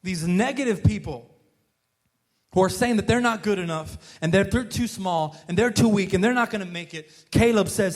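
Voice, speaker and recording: Pastor, male, high voice, earnest casual preaching, chatty restarts. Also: normal speed. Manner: earnest, peppers talk with "man" and "right?", frequent restarts. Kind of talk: casual conversational sermon.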